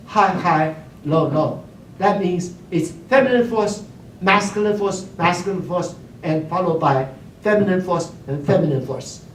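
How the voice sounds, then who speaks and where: Slow-talking male teacher in a classroom. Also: high-pitched, far from the mic, a little hiss or hum. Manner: keeps checking in with the class, hums and sings examples. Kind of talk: classroom lecture. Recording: roomy classroom recorded from afar.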